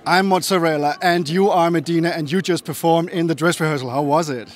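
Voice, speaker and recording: A man's voice: fairly high pitch, steady tone, brisk, music in the background. A man interviewing a pop duo, upbeat and joking. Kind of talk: casual entertainment interview. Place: outdoors at an arena.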